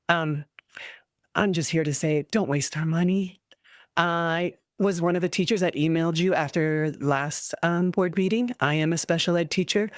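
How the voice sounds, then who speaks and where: A woman in her fifties, a longtime special education teacher, speaking with frustration and halting "um"s during public comment at a school board meeting. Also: low-pitched, dry recording, studio quality. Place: public meeting room at a podium.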